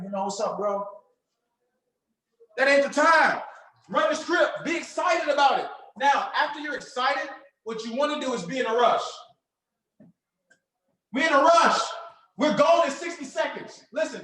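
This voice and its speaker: A man with a strikingly high voice leads a fired-up sales seminar. He preaches and shouts to his team and acts out phone calls as he goes. The room rings with echo. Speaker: sales trainer speaking to a team. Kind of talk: hyped motivational seminar talk.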